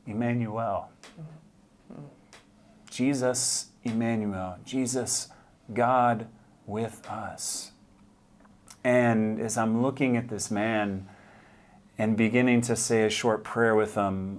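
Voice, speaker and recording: A man telling a personal faith testimony, earnest and vivid, going hushed and quiet at the moving parts. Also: fairly low pitch, slight background noise. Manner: earnest, hushed when moved, vivid retelling. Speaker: speaker sharing a testimony.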